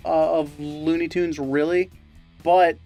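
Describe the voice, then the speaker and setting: Deadpan young man, higher voice. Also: slow pace, faint music behind. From Great Lakes region, US. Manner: deadpan, absurd jokes. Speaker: co-host. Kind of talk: casual chat.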